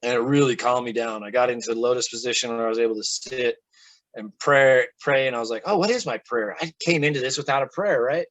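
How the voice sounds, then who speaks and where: A man's voice: mid-range voice, quick pace, no room sound, low-quality recording. A man, a guest in an interview, telling a personal story casually and acting out what people said. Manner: animated, acts out quoted speech.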